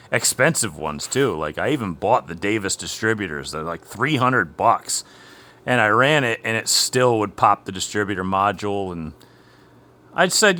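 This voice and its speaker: A man's voice: lowish voice, bright, forceful tone. A man talks casually in his home garage as he works on an old race car. He rambles through an amused story, piling on asides as he goes. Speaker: garage vlog host. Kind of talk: casual chat while working on a race car.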